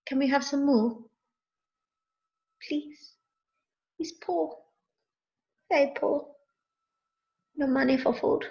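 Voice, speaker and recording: Woman doing a poor little beggar voice, soft and meek, muffled zoom audio. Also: high-pitched, steady tone, takes it slowly, creaky, long pauses, heavily acted. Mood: pleading. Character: pitiful poor beggar pleading for food. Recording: dull lo-fi video call audio.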